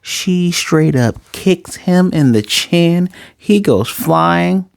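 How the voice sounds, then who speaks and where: A man's voice: fairly high pitch, expressive, very slow, vocal fry, clear, resonant tone, no room sound, clean studio sound. A young man recapping and reviewing an anime episode in a loose, joking, slangy way, swearing freely.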